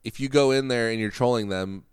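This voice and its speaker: A man's voice: medium pitch, fairly quick, clear, resonant tone. A man co-hosting a podcast in casual chat, arguing his point and laughing often as he acts out quotes. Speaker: podcast co-host.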